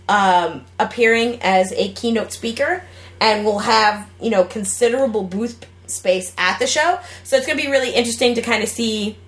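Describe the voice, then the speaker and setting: A woman's voice: on the high side, a bit bright. A young woman co-hosting a casual gaming and gadget podcast, bubbly and jokey, rambling with fillers. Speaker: podcast co-host.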